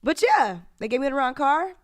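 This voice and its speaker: A woman co-hosting a live community news show, telling stories in an animated way and sometimes stumbling over her words. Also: high-pitched, fairly quick. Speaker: co-host.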